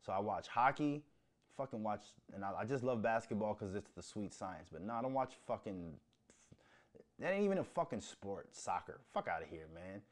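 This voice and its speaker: A man's voice: on the low side, sing-song, moderate pace. A man hosting a casual solo podcast, talking bluntly with lots of swearing and joking. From United States. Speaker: podcast host.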